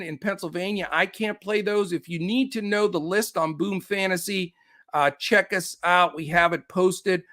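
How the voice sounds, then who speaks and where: A man hosting a live fantasy sports picks show, talking quickly and upbeat with many fillers, out of breath. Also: sits high, sharp tone, dry recording, clean studio sound. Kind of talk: live-stream picks rundown.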